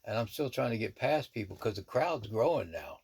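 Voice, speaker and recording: A man's voice: lowish voice, big pitch swings, brisk, a little mellow, breathy edge. A middle-aged man, a shaman, telling a personal story in a rambling, easygoing way, full of asides. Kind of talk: casual spoken storytelling.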